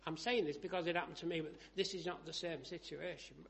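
A male preacher with a slightly raised pitch works through stories and scripture, moving between quiet asides and loud, emphatic passages. Faint hiss sits under the voice. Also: fairly even intonation, quick pace, gravelly. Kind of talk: sermon.

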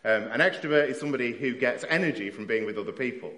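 A man preaching a sermon, telling stories with self-deprecating asides in a lively way. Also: medium pitch, fast talker. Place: church hall. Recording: roomy church hall echo.

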